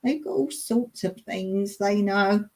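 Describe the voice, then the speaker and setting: Slow-talking chatty woman livestreamer. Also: mid-range voice, gravelly, mellow. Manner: chatty, giggly, reads out viewer comments. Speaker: livestream host. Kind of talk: casual live chat.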